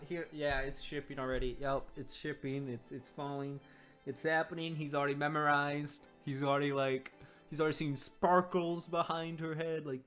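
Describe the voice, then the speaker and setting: A woman giving excitable, rambling reaction commentary while reviewing a comic, often restarting her sentences. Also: low voice.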